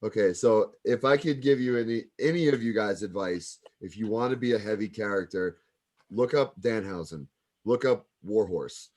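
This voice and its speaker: Man with a lowish voice, wrestling coach, easygoing rambling critique. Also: normal speed. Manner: relaxed, rambling, full of fillers like "like". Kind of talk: casual critique.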